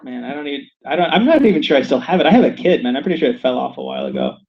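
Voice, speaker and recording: A man from Saint Louis rambles through a joking podcast chat in a fairly high voice, jumping into excited voices for his stories. The sound is muffled and lo-fi, taped inside a yurt. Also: rapid-fire, gravelly. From Saint Louis, USA. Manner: animated, rambling, acts out quotes in high voices. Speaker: podcast co-host. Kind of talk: casual comedic chat. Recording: lo-fi, dull recording.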